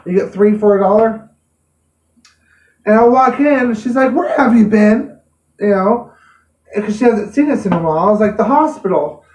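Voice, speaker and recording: A woman's voice: medium pitch, animated, moderate pace, long pauses, a little mellow, a little hiss or hum. Woman vlogger, heartfelt and repetitive, recorded at a distance in a roomy space. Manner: earnest, emotional, repeats herself. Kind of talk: personal vlog update. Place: home room. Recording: roomy echo, mic at a distance.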